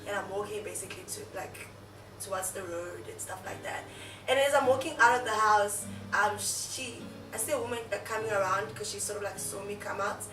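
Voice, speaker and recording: A young South African woman, a YouTuber, chats through a story full of fillers and laughs at a fairly quick clip and medium pitch. She sits far from the mic in an echoey space with faint music in the background.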